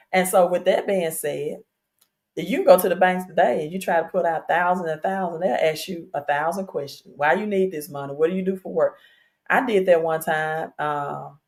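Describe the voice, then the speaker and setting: A woman's voice: sits low, a little mellow. Chatty woman hosting a crypto stream. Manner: talks straight to viewers, chatty and insistent, with fillers. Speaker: crypto livestream host. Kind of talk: casual livestream explainer. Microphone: streaming setup.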